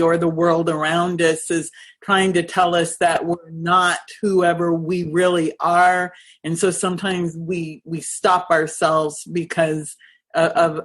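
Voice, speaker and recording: A woman hosting an interview, asking questions slowly with many halting restarts. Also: fairly low pitch. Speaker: host.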